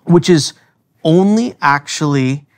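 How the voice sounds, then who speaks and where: A man's voice: on the high side, lively intonation, slow, clean tone. A man co-hosting a faith podcast, explaining theological ideas carefully and laughing easily. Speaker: theologian co-host. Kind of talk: teaching conversation.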